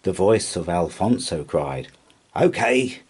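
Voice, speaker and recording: A man reading a rhyming children's picture book aloud in an expressive storytelling voice. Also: deep voice, husky. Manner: slow, expressive rhyming delivery. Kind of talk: children's read-aloud narration.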